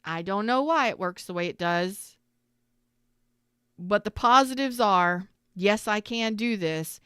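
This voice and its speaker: A woman's voice: mid-range voice, animated, a little slow, a bit bright, smooth, no room sound, clean studio sound. A middle-aged woman, a tarot reader, talking casually and candidly to her viewers, swearing freely and rambling through asides.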